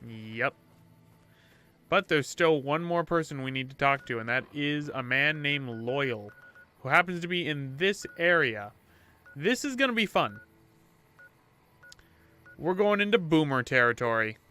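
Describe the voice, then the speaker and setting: A man's voice: a little high, lively intonation, a little slow, pauses often, sharp tone, faint music behind. A young man casually commenting on a game he plays, chatty and playful, often trailing into mumbles. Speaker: let's-play host.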